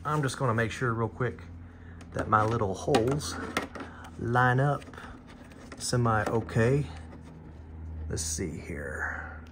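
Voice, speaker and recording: A man's voice: medium pitch, unhurried, long pauses, background noise. A man talking viewers through a motorcycle parts install in a loose, rambling, self-deprecating way, as a casual how-to vlogger in a garage.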